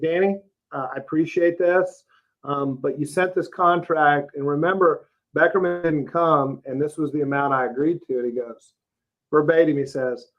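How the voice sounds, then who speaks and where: A man in his fifties from Texas, a roofing company CEO telling his career story as a guest in a casual interview, plain-spoken and folksy. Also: a little high. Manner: plain-spoken, folksy, lots of "uh" and "you know". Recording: slightly dull, lo-fi podcast audio.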